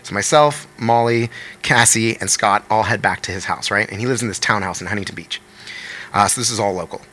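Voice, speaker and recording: A man guest on a podcast, telling a story casually, animated and swearing often, with lots of fillers. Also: lowish voice. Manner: fast-paced storyteller with frequent fillers.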